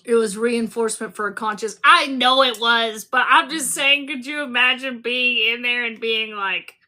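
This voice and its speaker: A woman hosting a casual book club discussion, animated and laughing as she acts out scenes. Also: a little high, moderate pace.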